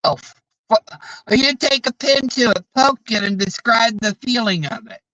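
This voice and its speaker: A man's voice: extremely high pitch, a little slow, bright, forceful tone, no room sound, low-quality recording. A man telling stories in a casual, profane and exasperated way, rambling with restarts. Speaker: streamer. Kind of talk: casual storytelling chat.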